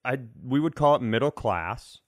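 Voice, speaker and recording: A man's voice: medium pitch, lively intonation, normal speed, no echo. Bantering male podcast co-host. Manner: brief interjections and banter. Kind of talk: casual chat.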